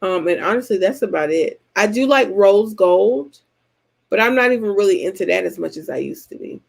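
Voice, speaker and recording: Southern woman vlogger, mid-pitched with some vocal fry, animated and colloquial, chatting casually to camera. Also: normal speed. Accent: Southern American. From Georgia, US. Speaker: vlogger host answering subscriber comments. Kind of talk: casual chat.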